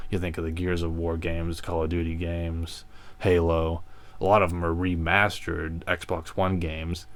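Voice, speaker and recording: A man hosting a gaming video, chatting casually over gameplay with a relaxed, rambling manner and frequent fillers. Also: deep voice.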